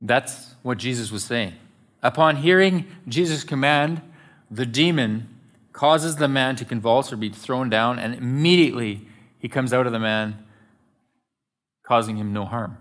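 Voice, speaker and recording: Male pastor, mid-pitched, earnest emphatic sermon delivery. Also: unhurried, a bit bright. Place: event centre hall.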